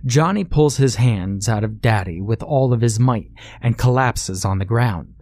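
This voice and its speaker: A man narrating a horror story in a slow, grim, dramatic way. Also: mid-range voice, a little mellow, no echo, clean studio sound.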